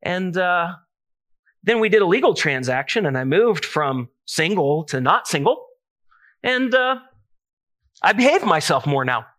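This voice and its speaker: A preacher doing a dry, unromantic husband. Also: male voice, high voice, big pitch swings, unhurried, pauses often, a bit bright, full character voice. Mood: deadpan. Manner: dry, matter-of-fact. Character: flat, unromantic middle-aged husband.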